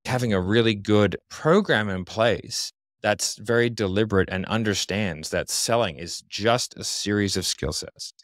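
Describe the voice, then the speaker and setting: A man's voice: on the low side, unhurried, hardly any pauses, no echo, clean studio sound. A man giving casual interview talk as a podcast guest, confident and blunt, explaining with examples.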